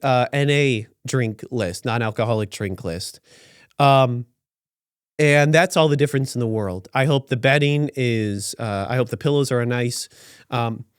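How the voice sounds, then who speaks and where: A man's voice: mid-range voice, clear, resonant tone, dry recording, studio quality. A man hosting a podcast, giving sarcastic and rambling commentary on news stories with many restarts. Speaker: podcast host.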